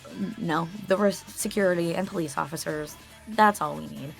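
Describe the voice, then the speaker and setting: Chatty young woman, lowish voice. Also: moderate pace, gravelly, faint music behind. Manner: animated, chatty, laughs often, swears. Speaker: interview guest. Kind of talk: casual storytelling.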